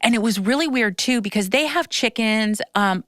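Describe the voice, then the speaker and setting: A woman chatting on her podcast, tumbling through a story with restarts and a curse here and there. Her voice is smooth and clear, and the sound is dry and close with no room around it. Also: on the high side, normal speed, no room sound. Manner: animated storytelling, breathless retelling with frequent restarts; swears casually. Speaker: podcast host. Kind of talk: casual chat.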